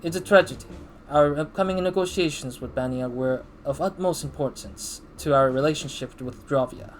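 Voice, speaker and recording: A man's voice: a little high, moderate pace, a little hiss or hum, natural voice. A man putting on a blustering country-accent CEO. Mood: indignant. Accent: put-on country accent.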